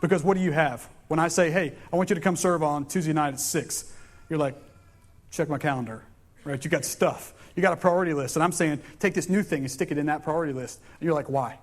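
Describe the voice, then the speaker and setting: Young male preacher, rapid conversational sermon storytelling, voice a touch high. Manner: casual, storytelling, conversational preaching with frequent restarts. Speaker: pastor. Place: church sanctuary.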